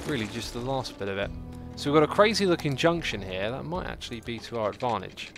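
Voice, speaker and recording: A man giving casual, chatty livestream commentary while building a city in a game, reacting out loud to it and answering chat. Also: medium pitch, sing-song. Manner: chatty, talks to the game and to chat, quick exclamations. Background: faint background music.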